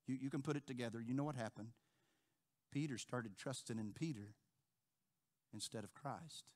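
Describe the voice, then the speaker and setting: A male pastor preaching a sermon, repeating phrases and acting out quotes with big swings from quiet to loud. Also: sits high. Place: church sanctuary.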